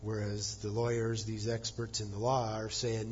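A man's voice: fairly low pitch, monotone, moderate pace, few pauses, darkish tone, muffled recording, slight background noise. A man preaching a sermon, explaining scripture conversationally and acting out quoted lines with a chuckle. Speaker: pastor.

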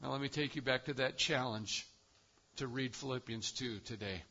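A man's voice: medium pitch, moderate pace, pushed and bright, highs cut off. A man preaching a sermon as pastor, with an emphatic cadence that rises and falls.

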